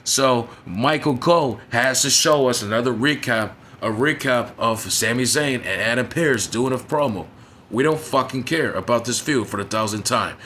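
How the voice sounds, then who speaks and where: Bright-voiced man ranting profanely. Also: medium pitch, normal speed, a little hiss or hum. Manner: profane, frustrated, repeats "you know what I'm saying". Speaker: wrestling show reviewer. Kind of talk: casual rant review.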